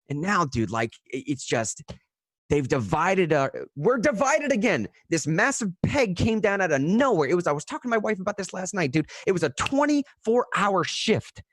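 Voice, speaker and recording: A young man hosting a radio news show, giving live, casual commentary that turns animated and full of restarts. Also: fairly high pitch, brisk, no echo, studio quality. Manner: casual and animated, frequent "dude" and "man", restarts when worked up. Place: radio studio.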